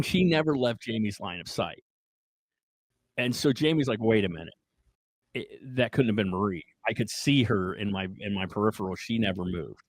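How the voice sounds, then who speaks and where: A man's voice: medium pitch, dry recording, poor audio. Man retelling a creepy story, dry sound. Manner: animated retelling, frequent "right?" and "like". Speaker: podcast host. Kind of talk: casual storytelling.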